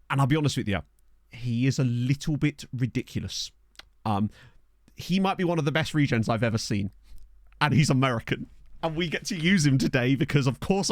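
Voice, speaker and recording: A man with a mid-range voice talks casually on a live stream as he plays a football management game, joking, laughing quickly and thanking viewers. Through a desk microphone, the sound is clean, studio-like and free of room sound.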